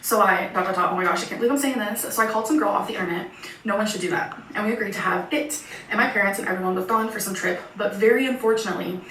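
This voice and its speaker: A woman's voice: mid-range voice, rapid-fire, fairly bright tone. A woman YouTuber reading viewer confessions aloud in a chatty way with giggly asides. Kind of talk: reading messages aloud, casual chat. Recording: echoey room, far from mic, faint hiss.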